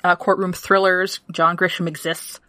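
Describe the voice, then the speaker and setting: A woman's voice: on the low side, level tone, moderate pace, bright, forceful tone, dry recording. A woman co-hosting a podcast in casual comedic chat, teasing and swearing freely. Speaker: podcast co-host.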